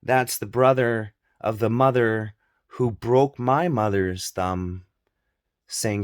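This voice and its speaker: A man's voice: mid-range voice, unhurried, dry recording, clean studio sound. A man talking straight to his audience in a personal vlog, emphatic and repetitive, swearing openly. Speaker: vlogger. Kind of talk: personal monologue on family abuse.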